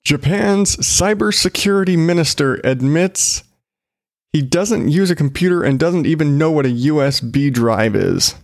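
A man's voice: on the high side, expressive, measured pace, dry recording, studio quality. A man hosting his own show, giving casual, sarcastic commentary on odd news stories, swearing and laughing as he goes. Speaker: solo show host.

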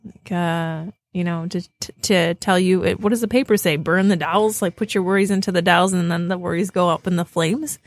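A woman's voice: lowish voice, fairly even intonation, fairly quick, no echo. Woman, podcast co-host, casual chat, laughs a lot, dry close sound. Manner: laughing storyteller, acts out quotes.

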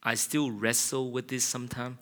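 A man's voice: mid-range voice, flat delivery, moderate pace. A man preaching an earnest, confessional sermon. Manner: earnest, confessional, builds to loud passionate shouting. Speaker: pastor.

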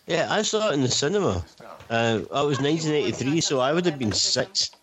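A man's voice: fairly high pitch, expressive, brisk, crowd noise. A man, making dry, nitpicking remarks in a casual film commentary. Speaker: podcast co-host.

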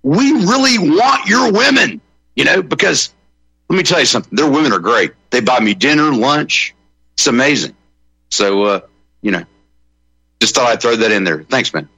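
A male comedian rambling through jokes on a radio panel, full of ums and uhs. His voice is bright and a touch husky, with a lively, swooping pitch. The sound is dry and close. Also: moderate pace, pauses often, dry recording, poor audio. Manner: rambling, joking, many fillers. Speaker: comedian guest.

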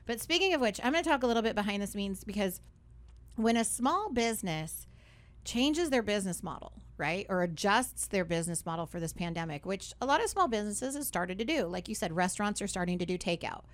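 A woman's voice: mid-range voice, animated, a little fast. A young woman talks on her radio show from the studio, chatty and upbeat. Her voice sits in a middle register, and she keeps checking in with the listener as she goes. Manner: chatty, upbeat, many fillers and "right?". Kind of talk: casual radio talk.

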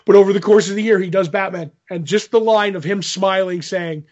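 A man's voice: high-pitched, fairly even intonation, brisk, darkish tone, highs cut off. A man chatting casually, telling a rambling convention story and acting out the quotes. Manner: rambling anecdote, lots of "I'm like", acts out quotes. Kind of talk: casual chat.

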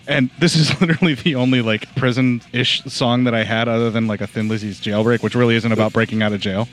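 A man's voice: mid-range voice, fairly even intonation, fairly quick. An American man co-hosting a casual film podcast, joking, laughing often and swearing as he talks through a movie. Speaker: podcast co-host. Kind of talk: casual film review chat.

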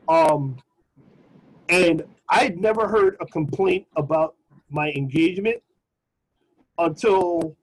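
A middle-aged man co-hosting a podcast tells a story in casual chat, lively and profane, and slips into the voices of the people he quotes. His voice sits high for a man and has a husky edge. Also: rough recording. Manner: animated, swearing, acts out quoted voices. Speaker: podcast co-host.

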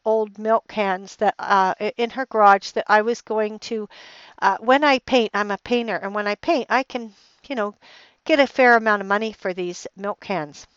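Middle-aged woman podcaster venting a story, kinda high voice, rambly with restarts, dull dry lo-fi sound. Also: a bit bright, clear, resonant tone, dry recording. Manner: rambling, full of restarts and fillers; heated and emphatic when retelling anger. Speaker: podcast host. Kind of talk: personal storytelling monologue.

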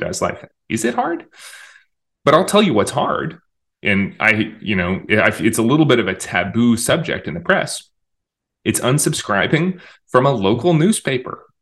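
Talkative man with a lowish voice. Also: big pitch swings, moderate pace, fairly bright tone. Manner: talkative, restarts often, emphatic on opinions. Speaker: interview guest, communications director. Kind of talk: conversational interview.

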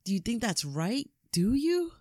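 A woman's voice: on the high side, lively intonation, a little slow, darkish tone, dry recording, studio quality, pitched above the performer's own voice. A woman voicing a resentful young man, a grown son pleading and accusing in a retold film scene. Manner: pleading, rising to accusing outbursts.

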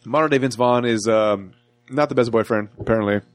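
A man's voice: medium pitch, a little fast, faint music behind. A man co-hosting a casual movie chat, recapping the plot and free-associating with laughs. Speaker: podcast co-host.

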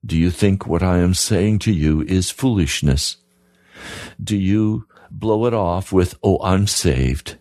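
Slow, deep-voiced male radio preacher. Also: warm tone, no room sound, studio quality. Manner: slow, earnest, repeated pleading questions. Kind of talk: sermon broadcast.

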